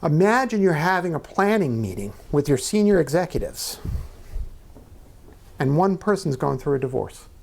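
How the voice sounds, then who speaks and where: A man's voice: fairly high pitch, big pitch swings, moderate pace, creaky. A middle-aged man, telling personal stories earnestly in an onstage conversation, sometimes dropping to a near-whisper. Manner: earnest storyteller, drops to near-whisper at times. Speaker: guest speaker. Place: small members' club event room.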